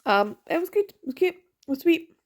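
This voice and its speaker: A woman's voice: high-pitched, sing-song, brisk, darkish tone. A young woman vlogging about her reading in casual chat, rambling and chatty, with many fillers and giggles.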